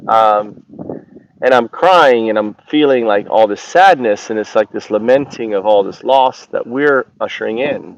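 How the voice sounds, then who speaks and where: Man, mid pitch, rambling monologue, halting and searching for words, dull lo-fi sound. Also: creaky, a little hiss or hum. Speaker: channel host. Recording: dull lo-fi recording.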